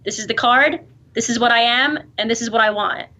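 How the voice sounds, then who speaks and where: A woman in her thirties with a New York accent, a guest in an interview, chatting quickly and laughing as she talks. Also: on the high side, bright, forceful tone. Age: 30s. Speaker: guest, online video creator. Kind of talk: interview conversation. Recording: dull lo-fi replayed clip.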